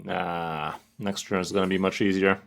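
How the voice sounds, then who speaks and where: Low-voiced trash-talking gaming streamer man. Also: moderate pace, gravelly. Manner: excitable, trash-talking, profane. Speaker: game streamer. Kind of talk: casual gameplay commentary.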